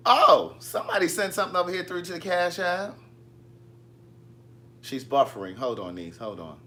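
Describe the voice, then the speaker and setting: A man's voice: a little high, lively intonation, moderate pace, pushed and bright, a little hiss or hum. A man hosting a casual livestream, chatting and teasing as he reads viewer comments. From Maryland. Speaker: livestream host. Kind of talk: casual live chat.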